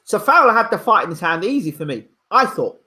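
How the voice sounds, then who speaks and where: A man's voice: high voice, very animated, a little fast, sharp tone. A man hosting casual live boxing commentary, opinionated and emphatic, repeating his points. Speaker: boxing pundit and channel host. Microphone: home microphone, audio only.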